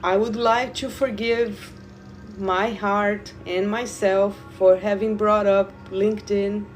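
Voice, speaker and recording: A woman who guides Reiki, talking slowly and loosely to viewers in a live stream, repeating words and addressing them directly. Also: medium pitch, fairly even intonation. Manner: slow, meandering, repeats words, talks to viewers. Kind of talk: live spiritual stream talk.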